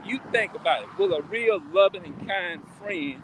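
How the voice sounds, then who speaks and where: A man with a high, bright, expressive voice talks casually on a live stream at a moderate pace, rambling, repeating himself, and turning questions back on his listeners. It sounds captured on a phone or webcam, with faint street noise behind him.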